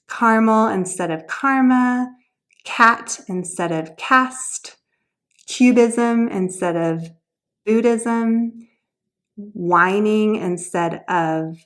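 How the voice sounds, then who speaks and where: A woman sharing homeschool tutoring ideas in a casual, upbeat instructional video, explaining each activity and then showing how it goes. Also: mid-range voice.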